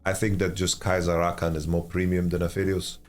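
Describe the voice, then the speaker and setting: A man giving casual esports commentary on a stream, sleepy and yawning, with relaxed speech and stammering restarts as he answers chat. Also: sits low, a little fast, soft background music. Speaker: esports caster and analyst.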